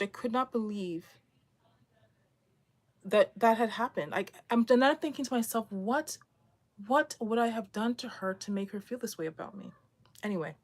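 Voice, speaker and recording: A woman vlogger telling a personal story in a rambling, candid way, at home, with emphatic bursts. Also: mid-range voice.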